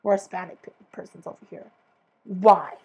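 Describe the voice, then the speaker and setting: A woman's voice: on the low side, fairly even intonation, normal speed, creaky, mellow, breathy edge, poor audio. A woman hosting her own podcast, ranting in a profane, exasperated and sarcastic way. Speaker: podcast host. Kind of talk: casual ranting monologue.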